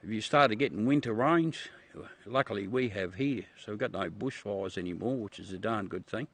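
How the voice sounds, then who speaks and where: A man's voice: on the low side, normal speed, a bit bright. A man from South Australia with an Australian accent, hosting a casual livestream chat with viewers in a blunt, profane way that keeps calling everyone mate. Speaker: livestream host.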